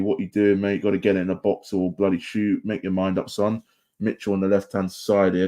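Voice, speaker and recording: Young fan for a watchalong, low mellow voice, casual slangy play-by-play, shouts at players. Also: male voice, little pitch movement, quick pace. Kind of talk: live match watchalong commentary.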